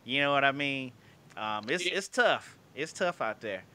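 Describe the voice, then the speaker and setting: Male podcast host, relaxed and chatty, lively bright voice. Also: medium pitch, unhurried. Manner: laid-back, leans on "you know what I'm saying". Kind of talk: casual podcast chat.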